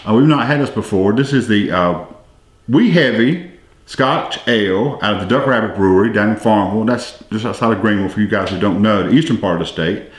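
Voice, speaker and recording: A man's voice: on the low side, fairly quick. A man hosting a casual beer-tasting podcast, chatty and easygoing, reading tasting notes. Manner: reads brewery notes aloud, easygoing and chatty. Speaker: podcast host. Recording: echoey room.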